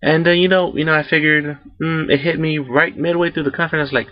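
A man's voice: on the high side, fairly even intonation, fast, few pauses, dry recording. A man giving rambling solo commentary, recorded on a home sound recorder, with many fillers and restarts. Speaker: YouTuber. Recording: muffled dry home recording.

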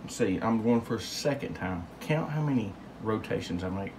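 In a home kitchen, a man with a lowish, expressive voice hosts a casual cocktail demonstration, rambling and cracking jokes in drawled asides. He speaks at a moderate pace over some background noise, hosting his own home cocktail show.

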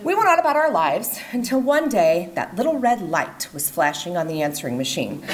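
A middle-aged woman reading her own personal essay on stage with expressive comic timing. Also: on the low side, a little fast, few pauses. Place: event stage before an audience.

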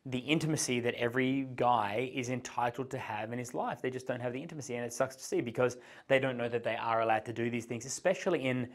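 A man's voice: mid-range voice, fast. Guy coaching on camera, explains stuff, keeps changing pace and voice to act out examples. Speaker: dating coach. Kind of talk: instructional talk to camera.

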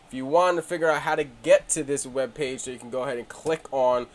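A man hosting a crypto video, casual and brash, joking and teasing his viewers, dropping to mumbles and then bursting out loudly. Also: mid-range voice, steady tone, fairly quick. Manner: joking, brash and swaggering, swings between mumbling and shouting. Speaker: crypto channel host. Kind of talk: casual hyped promo talk.

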